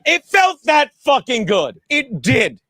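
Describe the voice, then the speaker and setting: A man with a high, bright voice hosting a loose comedy podcast. He swears freely and tells stories with rising excitement. He laughs often and sometimes breaks into shouting. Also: slow, creaky. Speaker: podcast host. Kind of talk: casual comedic podcast chat.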